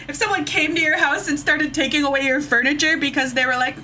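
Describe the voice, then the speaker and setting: A woman's voice: sits high, quick pace, hardly any pauses, pushed and bright, soft background music. A woman streamer ranting heatedly and profanely to her chat, taking drinks as she goes. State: drinking shots. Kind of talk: casual livestream rant.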